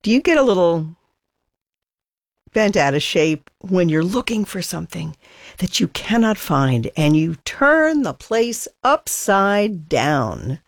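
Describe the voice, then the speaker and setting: A woman's voice: fairly low pitch, very animated, slow, dry recording, clean studio sound. A woman hosting a classical music radio program, announcing pieces and chatting conversationally.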